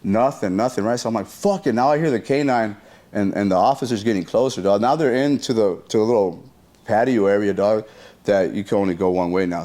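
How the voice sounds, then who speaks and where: A man telling a story in a casual interview, using slang and profanity, acting out quoted lines and adding sound effects. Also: fairly low pitch. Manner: animated retelling that acts out what people said.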